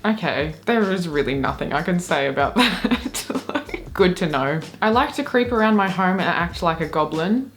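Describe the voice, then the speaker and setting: Playful woman, lowish voice. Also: normal speed, few pauses, a little hiss or hum. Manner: playful, animated, chatty. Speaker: YouTuber. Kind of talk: casual reading and reacting to posts.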